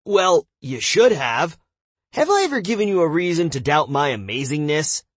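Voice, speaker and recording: A man's voice: a little high, big pitch swings, normal speed, no room sound, voice pushed up. A man voicing a boastful, languid dungeon spirit.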